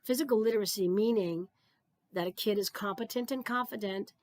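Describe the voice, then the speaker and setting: A woman's voice: medium pitch, brisk, a little mellow, no room sound. An older woman from New Jersey, a retired physical education supervisor, giving an earnest, conversational keynote talk and repeating key phrases for emphasis.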